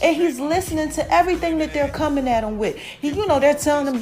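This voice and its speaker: A woman podcast host, recapping a TV episode in an animated, chatty way, calling her listeners y'all and acting out the characters' lines. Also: sits high, brisk, few pauses, soft background music. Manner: animated, addresses listeners as y'all, acts out quotes.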